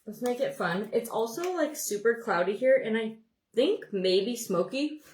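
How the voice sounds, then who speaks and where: A young beauty livestream host from Montana rambles casually while doing her makeup, greeting viewers by name. She speaks a little slowly in a fairly high, slightly mellow voice with lively intonation, in an echoey room.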